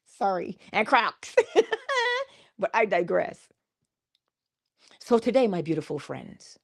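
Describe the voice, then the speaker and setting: A woman giving a morning inspirational talk, with preacherly calls and frequent laughter. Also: medium pitch. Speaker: motivational speaker.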